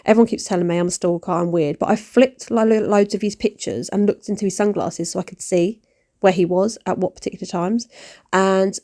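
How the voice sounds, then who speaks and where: A woman's voice: medium pitch, brisk. A woman, rambling and poking fun at herself in a cleaning vlog voice-over. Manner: rambling, self-mocking, animated. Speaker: vlogger. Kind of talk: chatty voice-over while cleaning.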